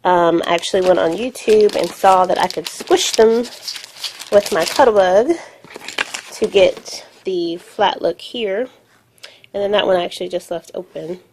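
A woman's voice: lowish voice, a little slow, darkish tone, a little hiss or hum. A woman filming her craft projects on her phone, talking through each piece casually and thinking aloud with many fillers. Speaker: crafting vlogger. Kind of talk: casual show-and-tell narration. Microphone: phone camera.

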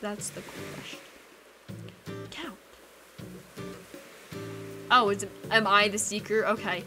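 A woman with a medium-pitched voice and fairly even intonation speaks slowly during a game live-stream. She chats casually and teases her viewers playfully, with the game's music running in the background.

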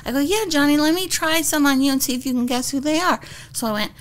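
A woman guest on a podcast, telling stories in an animated, giggly way and acting out what people said. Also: high voice, fast. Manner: giggly, acts out quotes. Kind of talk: animated storytelling.

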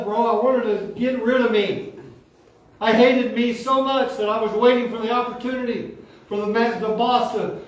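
A man's voice: extremely high pitch, muffled recording. A man in his sixties, a pastor, giving an emotional testimony sermon with fervent call-and-response. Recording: echoey hall from far off, faint noise.

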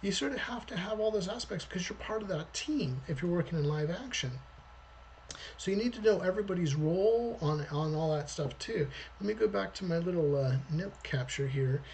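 A man's voice: high-pitched, lively intonation, brisk, gravelly, a little mellow, slight background noise. Rambling man talking about storyboarding. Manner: rambling, conversational. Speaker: storyboard artist. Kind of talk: livestream talk.

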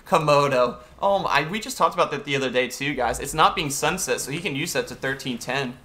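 A man's voice: mid-range voice, fairly quick, pushed and bright. A young man streaming a video game, chatting casually and greeting viewers and answering chat as he plays.

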